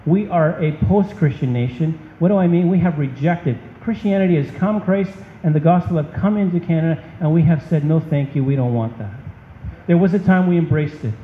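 A man's voice: a little high, a little fast, hardly any pauses, slight background noise. A man preaching a sermon as a pastor, emphatic and impassioned. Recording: dull, echoey hall.

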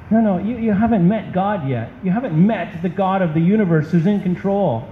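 A man's voice: high voice, measured pace. A man preaching a sermon as a pastor, emphatic and impassioned. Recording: dull, echoey hall.

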